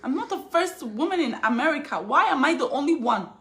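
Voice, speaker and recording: A woman's voice: high voice, animated, brisk, fairly bright tone. A woman giving an emotional personal statement as a mother, talking emphatically and repetitively and building to raised anger. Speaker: mother speaking out in a posted video.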